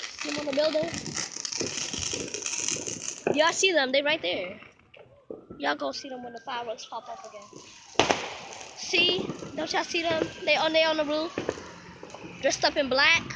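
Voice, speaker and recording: A woman with a high, excitable voice narrates fireworks into her handheld phone at night, calling out to her viewers. She swears freely and laughs often. Loud bangs and firecrackers crowd the outdoor phone recording. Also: normal speed, pauses often, heavy background noise. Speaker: vlogger filming fireworks. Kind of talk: excited casual commentary. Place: outdoors at night near a street, light drizzle. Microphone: phone camera held in hand.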